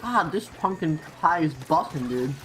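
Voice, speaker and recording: Chatty young woman streamer, lowish voice. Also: expressive, moderate pace, faint music behind. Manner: chatty, giggly, eats while talking. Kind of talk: casual livestream chat while gaming. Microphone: desk mic, no face cam.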